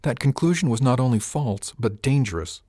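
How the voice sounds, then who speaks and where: A man voicing an older ship captain with a dry, measured and wry manner, in an audiobook. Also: mid-range voice, lively intonation, dark tone, no echo, pitched above the performer's own voice, lightly acted. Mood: stern.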